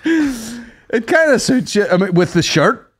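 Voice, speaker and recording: A man's voice: very high-pitched, very animated, slow, a little hiss or hum. A young adult man co-hosting a podcast, rambling and swearing a lot in casual chat. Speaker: podcast co-host.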